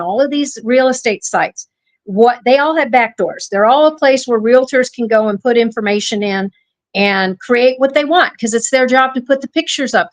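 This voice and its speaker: A woman hosting a podcast, telling long, rambling stories and correcting herself mid-sentence. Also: on the high side. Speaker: podcast host. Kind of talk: casual podcast talk.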